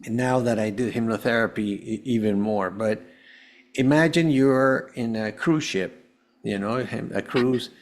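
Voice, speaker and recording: A man with an average pitch speaks as a podcast guest, recounting his life in an earnest, rambling manner. He circles back and restarts phrases often. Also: a little slow. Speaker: guest, holistic health coach. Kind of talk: personal storytelling in an interview.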